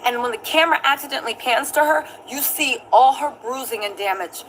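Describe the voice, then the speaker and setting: High-voiced woman, animated commentary. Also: brisk, slight background noise, low-quality recording. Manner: animated, acts out quoted lines in high voices. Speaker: news show host. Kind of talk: casual commentary with livestream shout-outs.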